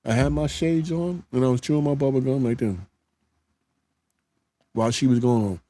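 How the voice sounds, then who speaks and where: With a warm tone at medium pitch and a normal speed, a middle-aged live-show host reads viewer comments aloud. His chat is casual and plainspoken, broken up by frequent restarts.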